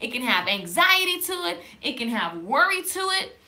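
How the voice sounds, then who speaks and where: A woman hosts a faith-based live stream straight to camera. Her voice sits high and rings bright. She talks in a lively, casual way and stops to greet viewers in the comments. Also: normal speed. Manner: lively and conversational, reading viewer comments aloud. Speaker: livestream host. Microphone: camera in front of her.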